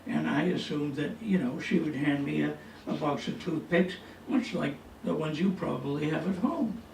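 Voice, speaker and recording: A man's voice: fairly high pitch, moderate pace, creaky, darkish tone. A man telling a folksy comic story to an audience at a senior center, with a chatty, punchline-driven delivery. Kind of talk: stand-up storytelling. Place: senior center hall with a tall ceiling. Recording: echoey hall, distant mic, faint noise.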